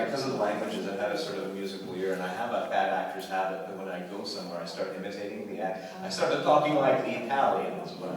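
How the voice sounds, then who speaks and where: Canadian male guest actor, chatty and playful, heard from afar in a big reverberant hall with the audience murmuring. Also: fairly low pitch. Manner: chatty, restarts often, playful. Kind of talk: casual Q&A on stage. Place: large convention hall. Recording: echoey hall, distant mic, crowd.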